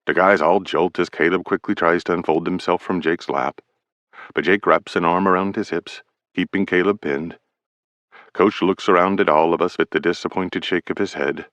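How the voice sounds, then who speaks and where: A man's voice: low voice, moderate pace, fairly bright tone, no echo. A man narrating a sports romance audiobook, reading with dramatic delivery and shifting his voice for the characters.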